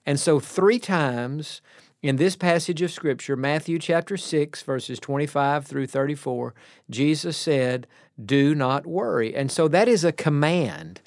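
A man with a slightly raised voice preaches a radio sermon, earnest and plainspoken. He slows down to lean on key words. The sound is dry and close, with no room around it. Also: a little high, dry recording.

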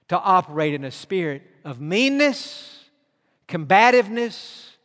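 A man preaching a sermon, swinging from loud declarations to hushed tones. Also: sits high, sing-song, a little slow. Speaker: pastor. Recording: long hall reverb.

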